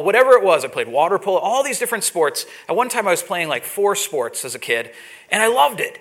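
A man with a high, bright voice delivers a sermon built on a personal story. He talks casually, rises and grows loud when the story heats up, and keeps circling back to his point. He sounds like he's in his forties. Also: fast. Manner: storytelling, animated, gets loud when imitating yelling. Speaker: pastor.

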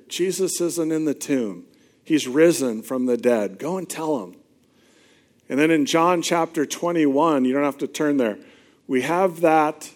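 Slow-speaking male pastor telling a story. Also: fairly high pitch, a little mellow. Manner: conversational storytelling, emphatic repetition. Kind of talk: sermon.

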